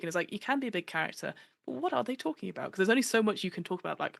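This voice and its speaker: A woman speaking quickly in a lowish, gravelly voice, chatting as a podcast guest. She talks animatedly and drops into the voices of the people she quotes. The sound is dry and close. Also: no echo. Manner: animated, acts out quoted voices, many fillers. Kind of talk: casual podcast chat.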